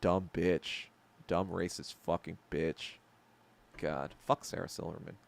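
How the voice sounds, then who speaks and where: A podcast host talks alone on a livestream, responding to viewers in a blunt, profane rant full of fillers that lurches from topic to topic. He has a deep, gravelly voice, steady in tone and slow in pace.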